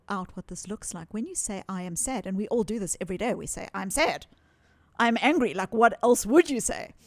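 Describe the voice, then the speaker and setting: A woman's voice: mid-range voice, no echo. Earnest woman explaining, dry close sound. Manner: earnest, animated, repeats words when emphasising. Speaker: psychologist guest. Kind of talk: interview, explaining ideas.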